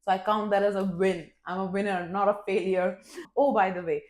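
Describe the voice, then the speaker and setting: A woman vlogger telling a personal story in a candid, expressive, casual way, swearing freely and poking fun at herself. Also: medium pitch, a little fast. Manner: candid and expressive, with frequent swearing and self-mocking humor. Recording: roomy echo.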